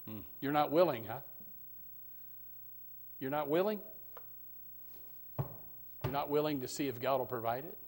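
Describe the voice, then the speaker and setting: A man preaching a sermon as pastor, who repeats his words and swings from loud, shouted points to quiet asides. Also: medium pitch, unhurried, long pauses.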